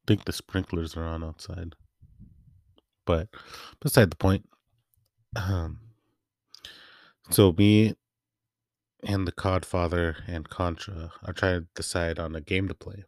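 Casting: low-voiced male podcast host, loose and chatty, dry close sound. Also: fairly even intonation, slow pace, pauses often, darkish tone, dry recording. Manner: rambling, laid-back storytelling with many fillers. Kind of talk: casual chat.

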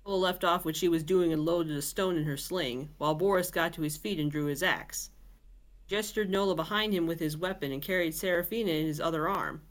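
A woman's voice: on the low side, fairly quick. A woman podcast host reading a novel aloud, with chatty asides and filler words. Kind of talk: casual storybook reading.

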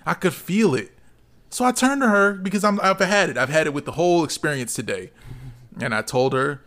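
A man co-hosting a casual podcast, telling a lively story and swearing freely. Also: on the high side, brisk. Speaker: podcast co-host.

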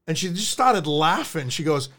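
A man co-hosting a podcast in casual chat, rambling in a self-deprecating way with halting restarts. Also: fairly high pitch, sing-song, sharp tone. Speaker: podcast co-host.

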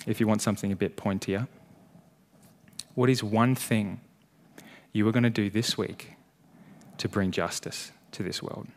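Man, pastor, low-pitched, earnest, preaching in a church, emphatic peaks, quiet drops. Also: steady tone, unhurried, long pauses. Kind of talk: sermon ending in prayer.

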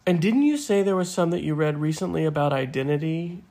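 A man in his fifties co-hosts a podcast. His voice is fairly high for a man, with a gravelly fry running through it. He muses at length and circles back with fillers. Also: brisk, mellow. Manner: reflective, rambling, with fillers. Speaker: podcast co-host. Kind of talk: casual chat.

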